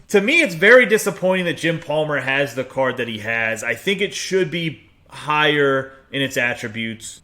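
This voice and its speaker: A fairly high-voiced American man from Pittsburgh talks through baseball game cards in a loose, opinionated way. He reads long strings of numbers and then weighs in with his own verdict. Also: fairly bright tone. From United States (Pittsburgh). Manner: chatty, opinionated, reads off stat lists. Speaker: video game YouTuber. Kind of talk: casual game card review.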